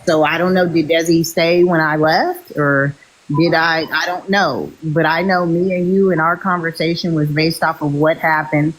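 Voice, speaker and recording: Woman, very low voice, insistent, talks over others, heated live stream argument. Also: fairly even intonation, moderate pace, low-quality recording.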